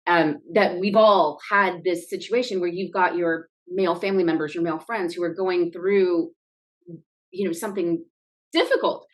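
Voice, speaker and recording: A woman's voice: lowish voice, moderate pace. A woman attorney with a Texan accent, telling a story in casual podcast chat and animating the quotes she retells. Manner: storytelling, animated when quoting. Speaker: family law attorney.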